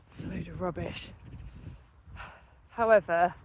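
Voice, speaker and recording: Woman, breathless, slow rambling chat, walking vlog, noisy outdoor phone audio. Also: lowish voice. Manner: chatty, rambling, hesitant with fillers. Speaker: vlogger. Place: park outdoors at sunrise. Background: birdsong, dogs and passing traffic.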